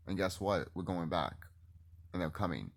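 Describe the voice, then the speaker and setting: A man rambling excitedly and cursing freely in a casual vlog monologue to his viewers. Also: low voice, normal speed, creaky. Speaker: YouTuber.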